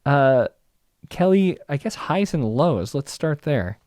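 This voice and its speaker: A man hosting a horror film podcast, chatting casually with lively restarts and stammers. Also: fairly high pitch, slow pace, no room sound, studio quality. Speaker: podcast host. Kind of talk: casual chat.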